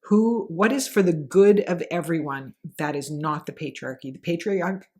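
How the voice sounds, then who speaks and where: Animated woman telling stories in a low voice. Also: moderate pace. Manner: animated storyteller, acts out scenes with voices. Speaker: podcast co-host. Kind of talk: casual chat.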